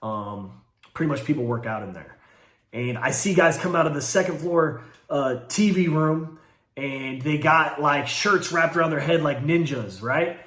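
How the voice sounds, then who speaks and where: A man casually telling a first-person story in an animated way, acting out what people said and swearing freely. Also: a little high, unhurried. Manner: animated, acts out quoted speech, swearing, fillers like "like". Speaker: host telling his own story. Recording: roomy echo.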